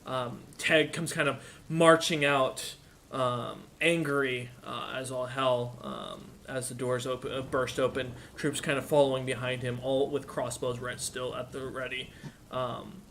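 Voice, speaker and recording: Male game master, bright voice, stop-start casual narration over a low hiss. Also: flat delivery, creaky. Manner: halting, many fillers. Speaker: dungeon master.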